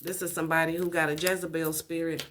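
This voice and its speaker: A woman's voice: low-pitched, level tone, fast talker, fairly bright tone, slight background noise. A woman giving a casual tarot reading, blunt and profane, repeating her points for emphasis. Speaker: tarot reader.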